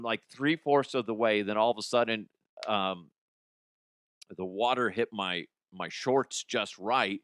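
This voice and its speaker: A middle-aged man hosts a comedy show, spinning crude, rambling anecdotes full of swearing. He jumps into quick impressions of the people in his stories. His voice sits at a middle pitch and is recorded dry, with no room sound. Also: fairly bright tone, clean tone, dry recording. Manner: rambling, profane, acts out quoted people. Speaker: comedy podcast host. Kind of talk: crude comic storytelling.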